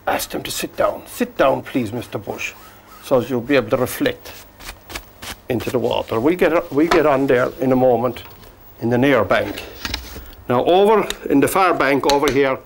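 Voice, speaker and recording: A man teaching a painting demonstration, gently coaxing the brushstrokes as if talking to the paint. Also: mid-range voice, expressive, normal speed, a little hiss or hum. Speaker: painting instructor.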